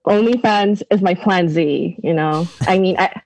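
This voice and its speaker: A woman's voice: fairly low pitch, moderate pace, a little mellow, rough recording. A young woman from Canada with a Canadian accent, a podcast guest who chats casually and keeps breaking into giggles. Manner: giggly, laughs through her answers.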